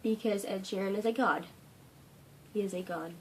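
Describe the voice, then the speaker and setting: A woman's voice: mid-range voice, normal speed, slight background noise. A teenage girl hosting a casual fandom Q&A vlog from home, gushing with dramatic asides. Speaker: fandom channel host. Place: home room.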